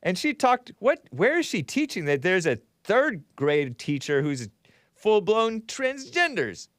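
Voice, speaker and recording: A man's voice: high voice, very animated, a little slow, fairly bright tone, no echo, clean studio sound. A male show host giving rambling, sarcastic commentary, chuckling between remarks as he reads from a chat.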